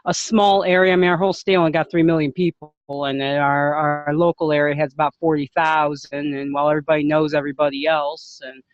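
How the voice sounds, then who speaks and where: A woman's voice: sits low, no echo. A woman taking part in a coaching call, chatting casually and easygoing. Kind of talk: casual chat. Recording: dry, dull lo-fi call audio.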